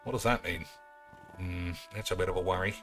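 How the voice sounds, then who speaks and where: A man's voice: low-pitched, steady tone, a little fast, fairly bright tone, soft background music. A man giving crude, joking commentary as he plays a game and talks to his viewers. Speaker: streamer. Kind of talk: casual gaming commentary.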